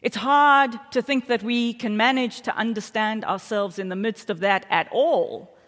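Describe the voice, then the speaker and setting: A woman's voice: a little high, steady tone, a little slow, a bit bright. A middle-aged South African woman gives a sermon in a church sanctuary, her voice trailing into a long hall reverb. She tells her stories in a chatty, self-deprecating way and keeps checking in with the congregation. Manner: chatty, self-deprecating storytelling with audience asides. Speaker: pastor.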